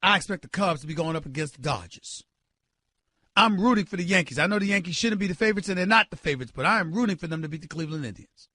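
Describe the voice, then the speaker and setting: A man hosting a sports talk show, ranting loudly and emphatically with incredulous exclamations and direct calls to his listeners. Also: sits high, expressive, quick pace, dry recording. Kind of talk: sports radio rant.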